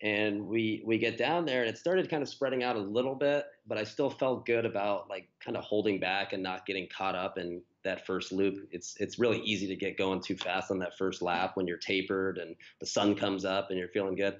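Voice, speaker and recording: A man's voice: deep voice, fairly even intonation, normal speed, few pauses, highs cut off. A man, a guest on a running podcast, telling his race story in a casual, rambling way with many fillers and restarts.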